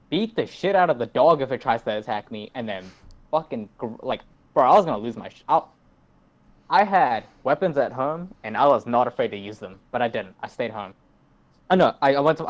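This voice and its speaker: A teenage man, rambling through a story in casual podcast chat and swearing a lot. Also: medium pitch. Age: teens. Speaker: podcast host. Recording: dull lo-fi recording.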